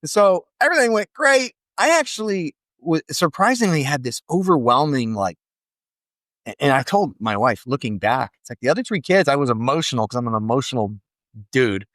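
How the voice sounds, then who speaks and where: A middle-aged man, a podcast guest, telling an emotional personal story in an earnest, animated way. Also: medium pitch, a little fast, no room sound, clean studio sound. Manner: earnest, animated, acts out quoted voices.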